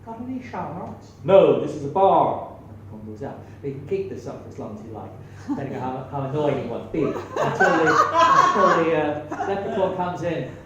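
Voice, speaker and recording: A man's voice: a little high, a little fast, few pauses, sharp tone, highs cut off. An Irish man in his sixties doing rambling, self-mocking stand-up comedy on a small stage. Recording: echoey room, distant mic, faint hum.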